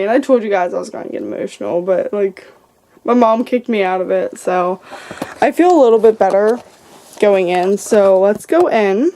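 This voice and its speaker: A woman's voice: medium pitch, normal speed, dark tone, faint music behind. A young woman giving a casual house-tour vlog, chatty and filling her talk with "like". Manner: chatty, says "like" constantly. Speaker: paranormal vlogger. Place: indoors in a house.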